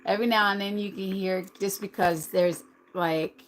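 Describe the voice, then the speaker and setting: A middle-aged American woman with a slight lisp hosts a casual livestream, reading viewers' chat messages aloud and answering them chattily. Her medium-pitched voice is steady and moderately paced, in a low-quality recording with slight background noise.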